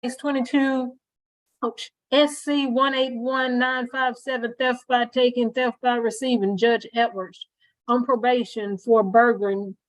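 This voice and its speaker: A woman pretrial officer reading criminal histories aloud in court. Her voice sits a little high, and she moves through the list of charges and convictions steadily. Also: flat delivery, a little slow, rough recording.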